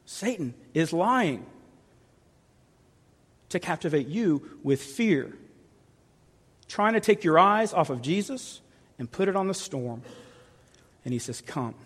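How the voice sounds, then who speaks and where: A man's voice: high voice, sing-song, slow, pauses often, husky. Man preaching in an echoing hall. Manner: emotive preaching, drops to soft intimate tones. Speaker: pastor. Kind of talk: sermon. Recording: long reverb of a large hall.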